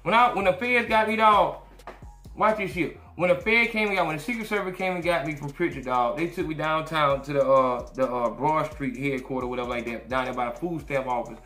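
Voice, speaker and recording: A man hosting a podcast tells stories in loose, profane, animated talk. His voice sits high and sounds bright and forceful. It echoes around the room over faint music. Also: brisk. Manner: profane, animated, acts out quotes. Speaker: podcast host. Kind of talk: casual storytelling chat.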